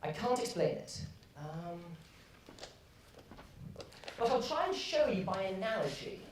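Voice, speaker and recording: A young woman acting the god Dionysus on stage, a vain, boastful male god who complains loudly. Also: medium pitch, big pitch swings, measured pace, a little hiss or hum. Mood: longing. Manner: indignant, theatrical. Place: theatre stage. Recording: echoey hall, far from the mic.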